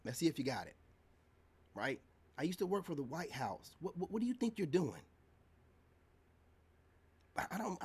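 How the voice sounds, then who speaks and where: A man delivering a ranting monologue to his viewers, confrontational and lecturing, firing off rhetorical questions in casual slangy speech. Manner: casual slangy speech, sudden swings in pitch and loudness. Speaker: online commentator.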